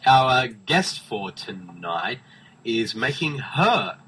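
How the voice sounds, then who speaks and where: A young man hosts a casual podcast, joking at his own expense and often breaking into giggles. His voice is bright and swings widely in pitch. A faint hiss of noise sits under the recording. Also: sing-song, slow pace, poor audio. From Australia. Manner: jokey, giggly, self-mocking. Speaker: podcast host.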